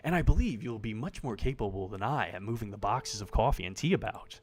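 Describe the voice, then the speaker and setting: A man's voice: lowish voice, lively intonation, a little fast, a little mellow, pitched below the performer's own voice. A man voicing an elegant, dignified older male parakeet who owns a café, reading a dating sim aloud with formal, old-fashioned politeness. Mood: courteous.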